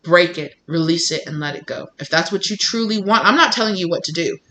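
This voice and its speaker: Brisk and sharp in a mid-range voice, a tarot reader addresses viewers head-on. She repeats phrases, acts out other people's words, stays blunt and emphatic, and swears casually.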